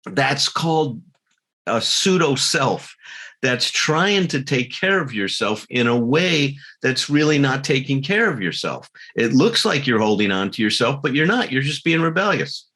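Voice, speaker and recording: A man's voice: mid-range voice, big pitch swings, a little slow, pushed and bright. A man giving a talk to a recovery group, earnest, laughing at himself now and then and acting out little quarrels. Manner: earnest, acts out quarrels in quoted voices.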